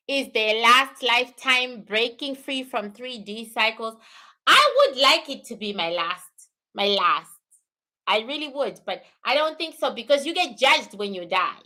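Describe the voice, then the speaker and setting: A woman's voice: on the high side, expressive, unhurried, sharp tone. A woman hosting a spiritual livestream, answering viewer questions and thanking viewers, with emphatic repeated phrases. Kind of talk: live-stream talk answering viewer questions.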